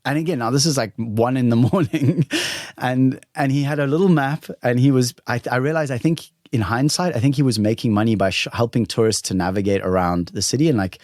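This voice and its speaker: A man in his thirties hosting a solo podcast, telling a personal story in an animated, excited way and acting out the dialogue. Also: medium pitch, fairly quick, dry recording, studio quality. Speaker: podcast host.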